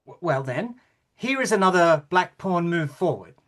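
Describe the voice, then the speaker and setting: In a rehearsal reading of a stage play, an actor plays a pompous, bewildered, indignant king who stammers when unsure. His voice, close to an everyday one, swings lively in pitch at a moderate pace.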